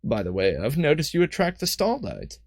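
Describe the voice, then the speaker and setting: A man's voice: fairly high pitch, wildly swooping pitch, vocal fry, a little mellow, dry recording, studio quality, voice pushed up, full character voice. A composed, knowing female mage speaks as a man reads her lines aloud. Her voice sits well above a man's normal range and wanders up and down. The British accent comes and goes. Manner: attempted British accent, halting.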